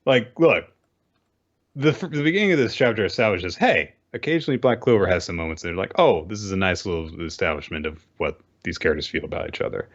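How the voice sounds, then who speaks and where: Deep-voiced man with lively, dull-sounding speech. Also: fast. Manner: blunt, exasperated critique. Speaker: podcast co-host. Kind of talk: casual chat reviewing comics.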